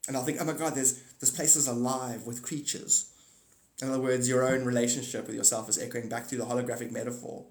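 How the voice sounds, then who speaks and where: A man hosting a live stream, talking in a rambling monologue, animated and swinging between loud outbursts and muttered asides. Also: mid-range voice, fast talker, reverberant.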